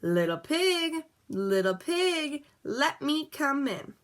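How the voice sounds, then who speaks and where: A woman voicing a sly, hungry male wolf in a storybook read-aloud, drawing out his threats slowly and loudly. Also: big pitch swings, exaggerated voice. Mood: menacing. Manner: slow, drawn-out, booming threats.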